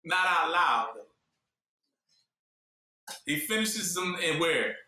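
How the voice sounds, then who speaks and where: A man preaching a sermon, posing questions and pausing for listeners to fill in the answer. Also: a little high, lively intonation, bright, forceful tone. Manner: call-and-response questions, fill-in-the-blank pauses. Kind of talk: sermon teaching. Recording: echoey room from far off.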